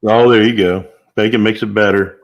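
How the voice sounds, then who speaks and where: A man's voice: lowish voice, fairly even intonation, normal speed. An older man hosting a casual live stream, greeting viewers by name in an upbeat way with the odd whoop. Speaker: livestream host.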